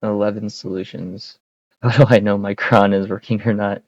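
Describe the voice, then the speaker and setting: A man thinking aloud in a casual, wry, halting way while he codes, speaking close to a desk mic. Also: on the low side, little pitch movement, no room sound, dull audio. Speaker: streamer coding on screen.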